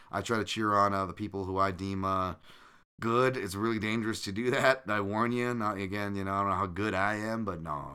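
Brief: male podcast host, bright forward tone, easygoing talk peppered with ums and restarts, reading from a live chat. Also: on the low side. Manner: loose and conversational, frequent fillers and restarts. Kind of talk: live-streamed casual chat, reading viewer comments.

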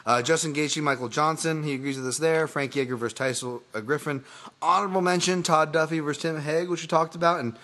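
A man hosting a podcast in casual sports chat, rambling, excitable and profane. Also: a little high, fast talker. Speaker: podcast host.

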